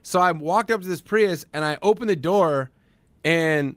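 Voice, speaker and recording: A man in his thirties co-hosting a podcast, telling a story casually and acting out quoted lines loudly. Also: fairly high pitch, moderate pace, dry recording. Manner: animated, acts out quoted lines in a loud raised voice. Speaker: podcast co-host.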